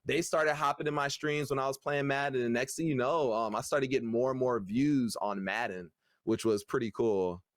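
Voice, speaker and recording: A man's voice: mid-range voice, no echo. Easygoing young man on a dry mic. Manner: easygoing, laughs often, many "um" pauses. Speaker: streamer, guest. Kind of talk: casual podcast chat.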